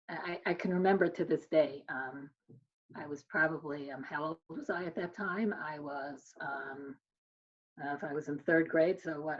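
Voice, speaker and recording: A woman's voice: on the low side, slightly rough, dull audio. A woman in her sixties, a social worker giving a talk, telling a personal story and acting out the dialogue. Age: 60s. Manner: storytelling, acts out quoted exchanges.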